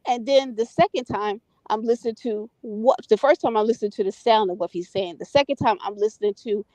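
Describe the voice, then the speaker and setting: A woman's voice: fairly high pitch, a little fast, dark tone, dry recording. A woman from the United States chatting casually, retelling a story and often checking in with "right?" and "you know". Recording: dull, dry lo-fi audio.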